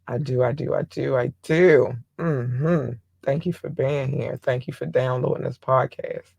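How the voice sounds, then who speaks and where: Hoarse middle-aged male podcast host, gravelly voice, rambling and affectionate, dry close sound. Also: medium pitch, fairly even intonation, measured pace, no room sound. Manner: rambling, affectionate shout-outs to listeners. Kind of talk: casual solo podcast monologue.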